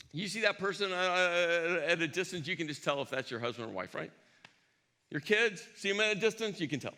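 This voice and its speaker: A male pastor preaching a sermon, telling a story with lively acted-out dialogue and sometimes dropping to a hushed intensity. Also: high voice. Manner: animated storyteller acting out dialogue. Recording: long reverb of a large hall.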